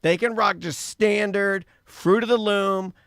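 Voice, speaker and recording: Brief: a gravelly male co-host, fairly high voice, mock-serious and emphatic. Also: steady tone, a little slow, fairly bright tone, no echo, clean studio sound. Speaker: talk show co-host. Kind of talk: casual comedic banter.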